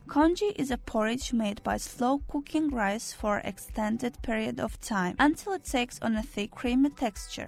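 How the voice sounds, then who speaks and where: A woman's voice: fairly high pitch, gravelly, a little mellow. Chatty woman narrating with playful asides. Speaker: video host. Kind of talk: scripted narration of a listicle video. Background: background music.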